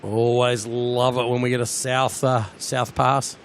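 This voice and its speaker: A man with a New Zealand accent, hosting a live plane-spotting stream, chatty and excitable as he talks to his viewers outdoors at an airport. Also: medium pitch, measured pace, a little hiss or hum.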